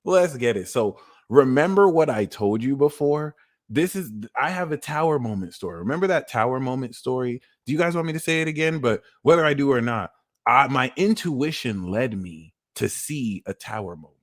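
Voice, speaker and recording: A young man doing a live tarot reading, telling stories in a casual, slangy way and now and then bursting into loud acted-out lines. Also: mid-range voice, moderate pace. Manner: animated, slangy, swings into loud acted-out exclamations. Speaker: tarot reader.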